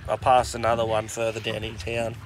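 A man's voice: fairly low pitch, monotone, a little fast, slight background noise. An Australian man co-hosting a podcast, chatting in an easygoing, agreeable way with local slang. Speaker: podcast co-host. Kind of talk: casual chat.

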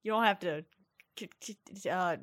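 A woman's voice: fairly low pitch, a little slow, a bit bright. A woman narrating as game master of a tabletop game, stopping and restarting as she searches for words.

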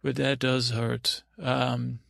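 A man hosting a podcast, telling a rambling bedtime story in a meandering, halting way, with lots of restarts and fillers. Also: medium pitch, flat delivery, gravelly, a bit bright, dry recording, clean studio sound.

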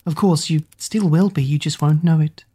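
A woman's voice: low voice, normal speed, mellow, breathy edge. A woman voicing a frail, stubborn old witch queen who speaks in an imperious, mocking way. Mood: taunting.

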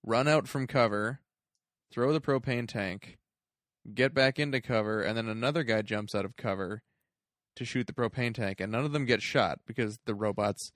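A man's voice: lowish voice, normal speed, a bit bright, no room sound, studio quality. A man co-hosting a podcast, from Canada, rambling through a movie recap with lots of filler words. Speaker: podcast co-host. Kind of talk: casual movie review chat.

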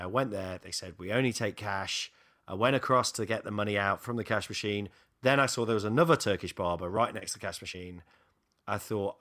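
A middle-aged man, co-hosting a podcast and telling a sweary comic story in a casual chat. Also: lowish voice. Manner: animated, sweary anecdote-telling. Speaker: podcast co-host, comedian.

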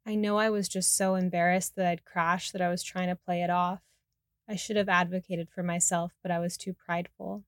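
A woman reading the lines of a remorseful man still recovering from a head injury, in a quietly candid, rueful way. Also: lowish voice, level tone, brisk, no echo, studio quality, lightly acted.

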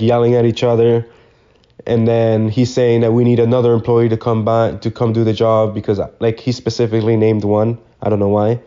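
A man's voice: medium pitch, mellow, muffled recording. Slangy young man rambling through a story. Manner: rambling, swears freely, loose slangy talk. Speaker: podcast host. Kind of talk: casual solo storytelling.

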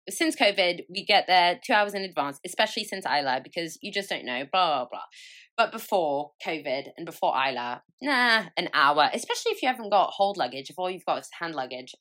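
Chatty woman telling stories. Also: sits low. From France. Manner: chatty, animated storytelling with frequent laughs and swearing. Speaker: podcast host. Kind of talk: casual chat.

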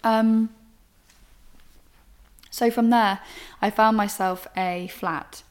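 A woman's voice: medium pitch, fairly even intonation, drawn-out words, clear, resonant tone. A young woman, a podcast host candidly telling a personal story in an emotional, rambling way. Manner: emotional, rambling, frank with swearing.

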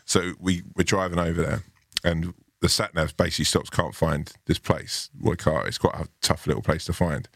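A man's voice: low-pitched, normal speed, gravelly, hardly any pauses, a bit bright, husky, dry recording, clean studio sound. A young man from Ireland telling a rambling story in casual podcast chat, full of "like" and "sort of".

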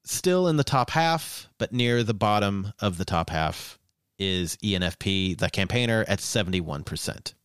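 Lively, joking male podcast host. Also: lowish voice, normal speed, clean tone, no echo, clean studio sound. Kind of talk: casual chat with ad reads.

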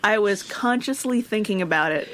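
Jokey woman podcast cohost, giggly casual chat, quick asides. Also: medium pitch, animated, a loud crowd. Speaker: podcast co-host.

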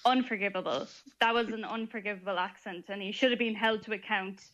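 An Irish woman co-hosts a radio chat and gives her opinions with animated conviction. Her pitch sits mid-range. The audio is a little dull. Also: brisk. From Ireland. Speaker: radio co-host.

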